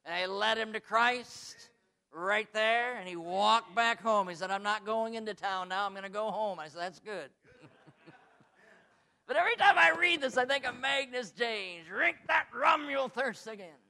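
A man who says he comes from the United States preaches a sermon in a creaky voice, shifting between quiet asides and loud, high, stretched-out emphasis.

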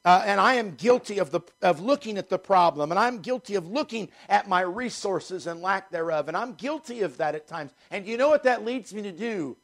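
A man's voice: high voice, expressive, a little fast, few pauses. A middle-aged male pastor preaching a sermon emphatically, throwing rhetorical questions at his congregation.

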